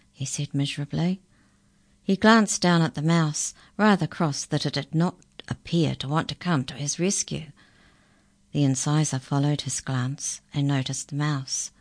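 A woman reading a children's storybook aloud, unhurried and expressive. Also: deep voice, no echo.

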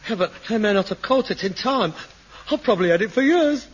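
An actor playing a self-pitying, theatrical adult son in a sitcom. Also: male voice, high-pitched, lively intonation, brisk. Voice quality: whining, theatrical. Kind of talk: sitcom acting before a studio audience. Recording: dull lo-fi television soundtrack, faint hiss.

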